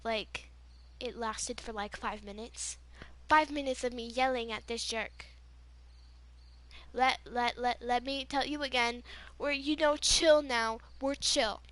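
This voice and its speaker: High-voiced, unhurried rambling woman. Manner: rambling, heavy use of "you know" and "like"; excitable, bursts into yelling when retelling. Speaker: gaming vlogger. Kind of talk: casual storytelling vlog.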